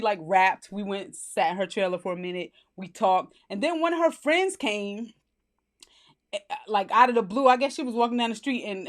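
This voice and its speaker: A young woman telling a story in a casual, animated vlog, blunt and slangy, laughing as she goes and jumping up high when she acts out what people said. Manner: animated, acts out quotes in a higher voice.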